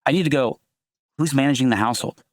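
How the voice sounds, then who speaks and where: Fast-talking animated man, dry close sound. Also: medium pitch, no echo. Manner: fast, animated, acts out calls. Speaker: guest, sales team leader. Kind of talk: podcast interview.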